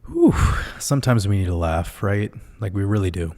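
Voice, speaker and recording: Casual, swearing livestream host, lowish voice. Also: male voice, expressive, moderate pace, warm tone. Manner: casual, profane, laughs often.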